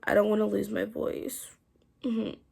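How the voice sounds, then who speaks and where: A woman's voice: medium pitch, a little slow, vocal fry, fairly bright tone. A woman in her twenties giving a casual, candid story-time recap as a vlogger, her throat sore and strained. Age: 20s. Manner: chatty and candid, trailing into tired asides.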